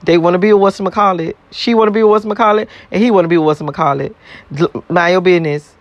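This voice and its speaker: A man's voice: high-pitched, rapid-fire, no room sound, muffled recording. A man in a casual, blunt, profane rant to his viewers, repeating himself and laughing between points. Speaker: vlogger.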